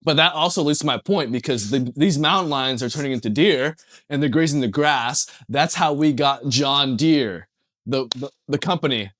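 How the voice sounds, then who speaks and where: Deadpan young man with a dry sound. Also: mid-range voice, moderate pace, dry recording. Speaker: podcast co-host. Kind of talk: casual comedic chat.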